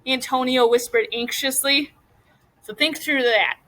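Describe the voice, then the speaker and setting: Lady teacher reading a chapter book to the class, bright voice, a bit high, stops to quiz the kids. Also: poor audio. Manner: pauses to question students about the story. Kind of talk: reading a novel aloud to a class.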